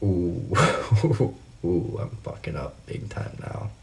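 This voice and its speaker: A man with a somewhat low voice talks on his own livestream, chatting loosely with viewers and answering their comments. He falls into heated, profanity-laden rants, swearing freely as he goes. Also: expressive, takes it slowly, gravelly. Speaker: livestream host. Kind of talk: casual livestream chat, reading comments.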